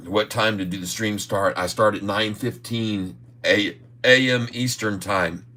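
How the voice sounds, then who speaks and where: A man's voice: lowish voice, steady tone, measured pace, bright, forceful tone. A middle-aged man hosting a day-trading livestream, talking in a folksy, emphatic way and chuckling often. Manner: folksy and emphatic, keeps calling listeners "folks". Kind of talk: casual market commentary livestream.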